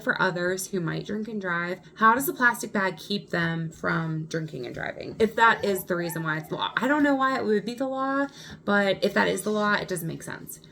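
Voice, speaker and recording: A woman vlogger telling a personal story in an animated, indignant way. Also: fairly low pitch, creaky, a little hiss or hum. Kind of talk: storytime vlog.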